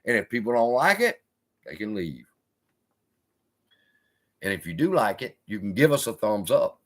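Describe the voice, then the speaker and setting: A man's voice: fairly low pitch, moderate pace. Guy cussing his way through a live stock stream, voice bouncing up and down a lot. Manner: profane, blunt, animated storytelling. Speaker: investing channel host.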